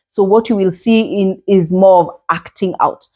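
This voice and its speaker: Earnest woman podcast host, gentle delivery. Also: mid-range voice, a little slow. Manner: earnest, gentle, many fillers and restarts. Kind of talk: reflective solo podcast talk.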